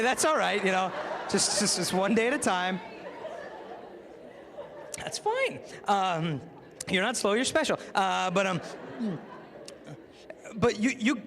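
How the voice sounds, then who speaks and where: A man with a fairly high voice gives a talk to a live crowd. He tells stories with lively energy and slips into the voices of the people he quotes. His voice rings with the long reverb of a large hall. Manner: lively storyteller who acts out the people he quotes. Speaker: speaker. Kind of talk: public talk to a live audience.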